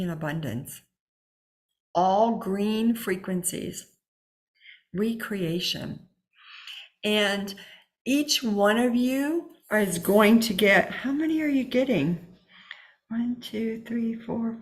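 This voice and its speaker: A woman leading an online spiritual healing circle, encouraging and affirming, repeating key phrases. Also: mid-range voice. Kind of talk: spiritual guidance talk. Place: home, online session.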